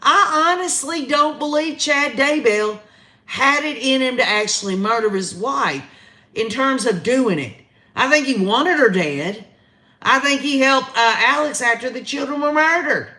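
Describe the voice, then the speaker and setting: This livestream host, a woman with a Southern American accent, chats casually with her viewers in live commentary. She speaks at a measured pace in a high, expressive voice that's bright and forceful.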